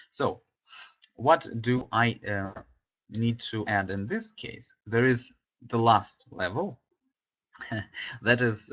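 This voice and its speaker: A man lectures an online English class in a mid-pitched voice. He talks in a loose, chatty way, with many fillers and frequent "yeah?" checks. The audio is slightly dull and lo-fi. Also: fairly bright tone. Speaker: English teacher.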